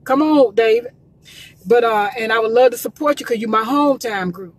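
Sitting in a car by the road, a gospel promoter from Columbus, Georgia, speaks live on social media through her phone. Her voice is a little high, husky, and brisk with no echo, and she's emotional, near tears, preaching emphatically and repeating herself often.

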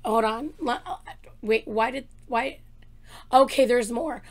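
A woman hosting a music reaction video, excitable and gushing, her voice a bit rough, talking at home. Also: a little high, takes it slowly. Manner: gushing, excitable, exclaims often. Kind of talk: casual reaction commentary. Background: faint song playing.

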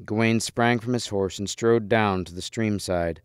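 A man narrating a storybook in a measured, expressive voice. His tone is low-pitched, smooth and resonant. The sound is close and dry, with no room echo. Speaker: reader. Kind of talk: storybook read-aloud.

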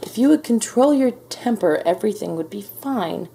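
A woman's voice: mid-range voice, animated, moderate pace, vocal fry, warm tone, slight background noise, pitched above the performer's own voice. A woman doing a kindly crafty ghost. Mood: earnest. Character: kindly male friendly ghost, calm and crafty.

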